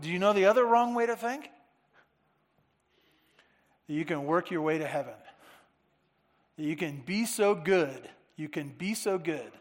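A man preaching a Sunday-morning sermon to his church, earnestly repeating phrases for emphasis. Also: fairly high pitch. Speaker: pastor. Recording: long reverb of a large hall.

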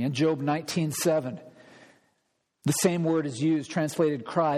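A man's voice: fairly high pitch, unhurried, darkish tone, husky. A man preaching an expository sermon as pastor, speaking emphatically and acting out pleading prayers. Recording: long hall reverb.

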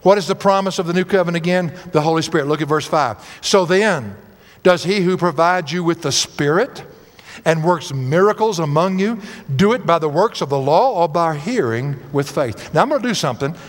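A man's voice: fairly high pitch, expressive, a little fast. A man preaching a sermon as a pastor, telling folksy stories with repeated phrases and sudden emphatic rises. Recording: long reverb of a large hall.

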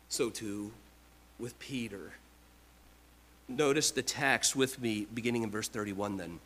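Bright-voiced man preaching slowly. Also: medium pitch, slight background noise, poor audio. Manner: emphatic preaching with repeated restarts, swings from loud to quiet. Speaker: pastor. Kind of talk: sermon.

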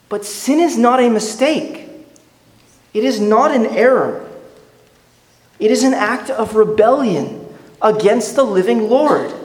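A man preaching a sermon as pastor, earnest and questioning, often restarting his words. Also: high-pitched. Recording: echoey hall reverb.

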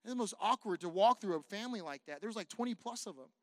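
A male pastor from California preaches in a high, quick voice, telling a story with lively swings between near-whispers and loud bursts. He jokes with the congregation as he goes. The recording is dry, with no room echo. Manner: animated, swings from hushed to loud. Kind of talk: sermon storytelling.

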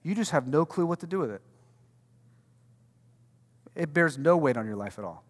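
A man's voice: on the high side, lively intonation, moderate pace. A male pastor preaching a sermon with emphatic rhetorical questions and casual slang. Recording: long reverb from a large hall.

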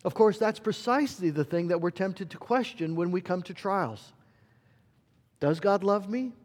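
Male pastor, sermon delivery, high voice, long church reverb. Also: animated, normal speed, a little mellow. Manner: earnest, repeats words when searching for a phrase.

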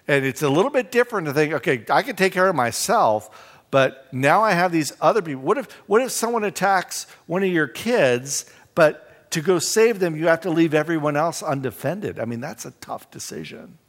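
A man's voice: on the high side, lively intonation, moderate pace. A man teaching a Bible study in a conversational way, reading scripture aloud with emphasis. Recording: long reverb in a hall.

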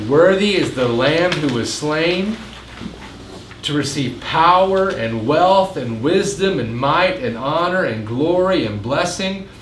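A pastor giving a casual midweek Bible teaching, chatting with jokes and asides and acting out quoted lines in a raised voice. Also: male voice, a bit bright. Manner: conversational, jokes and asides, acts out quotes with rising pitch. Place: meeting room. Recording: roomy echo, faint room noise.

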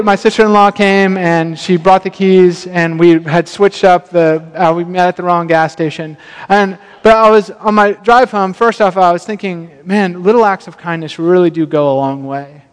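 A man preaching a sermon, telling a personal story with self-deprecating humor and lively quoted asides. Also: high-pitched, smooth. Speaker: pastor. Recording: long reverb of a church hall.

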